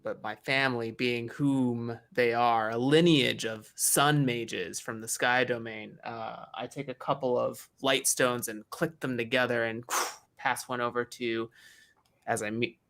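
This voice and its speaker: A man's voice: medium pitch, fairly even intonation, unhurried, a bit bright. A man playing a tabletop game, joking easily and describing his actions. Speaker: player. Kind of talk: casual tabletop play.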